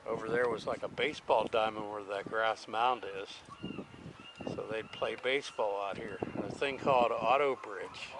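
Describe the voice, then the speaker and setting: A man with a fairly low, steady voice talks at a normal speed while vlogging a tour, telling stories casually with relaxed fillers. He is a travel vlogger filmed outdoors on a handheld camera, and the recording is very noisy.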